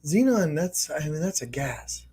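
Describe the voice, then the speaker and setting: Male streamer, casual chat, thinks out loud, halting, lots of restarts. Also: on the high side, very animated, breathy edge. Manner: hesitant, thinks aloud with many restarts. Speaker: artist hosting a live stream.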